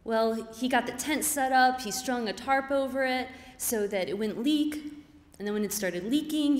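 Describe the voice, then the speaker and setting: A woman giving an earnest, reflective personal story on stage before a live audience. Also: on the high side. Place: stage in a hall. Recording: reverberant hall.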